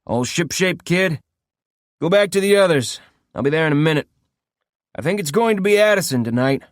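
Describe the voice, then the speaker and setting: A man doing a cruel gang leader who sneers with menacing calm, his voice swinging up and down as he taunts. Dry, close audiobook sound. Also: a little high, moderate pace, dry recording, voice pushed up, close to an everyday voice. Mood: mocking.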